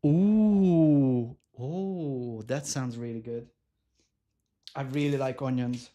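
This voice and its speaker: A man chatting casually on a live cooking stream, animated and self-mocking, laughing often and reading viewer comments aloud. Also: mid-range voice, slow pace, muffled recording. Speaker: livestreamer.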